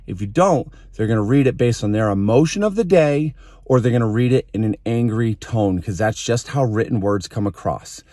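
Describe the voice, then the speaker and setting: A man's voice: lowish voice, lively intonation, moderate pace, dark tone, dry recording, studio quality. A man giving a direct, emphatic motivational talk that is full of rhetorical questions. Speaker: motivational speaker.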